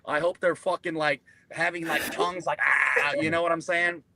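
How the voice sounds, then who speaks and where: Bright-voiced guy, kinda high, cussing a lot while he tells old marine stories. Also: brisk. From United States. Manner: profane, animated, acts out quoted voices. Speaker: podcast guest, Marine veteran. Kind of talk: casual storytelling.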